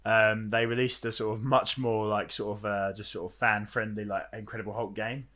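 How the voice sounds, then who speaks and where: A young man co-hosting a casual film podcast, talking in an animated, rambling way with frequent fillers and restarts. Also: lowish voice, normal speed. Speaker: podcast co-host.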